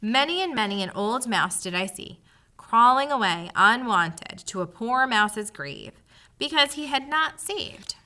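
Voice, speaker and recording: A woman puts on a small, fretful miser mouse who whines in a high, pitiful voice and turns every sentence flowery. His tone swings widely up and down, and the sound is bright and sharp. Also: lively intonation, unhurried. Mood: pitiful, dramatic.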